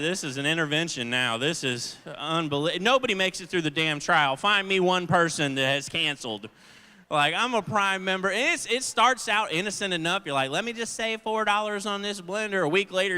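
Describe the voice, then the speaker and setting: A man's voice: on the high side, bright, forceful tone, clear, resonant tone. A male stand-up comedian telling loose, profane stories on a theater stage, acting out the voices of people in them. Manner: loose, swearing, acts out voices in his stories. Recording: live theater with long reverb.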